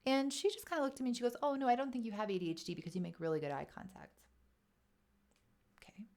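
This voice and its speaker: A woman's voice: on the high side, fast talker. Chatty woman telling a personal story. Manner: chatty, animated, acts out quoted inner voices. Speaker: wellness vlogger. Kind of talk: casual personal storytelling to camera.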